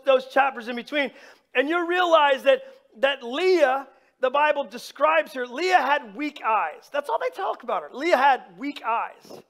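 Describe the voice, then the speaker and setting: A pastor giving an animated, informal sermon, talking straight to his congregation. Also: very high voice. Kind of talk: conversational sermon.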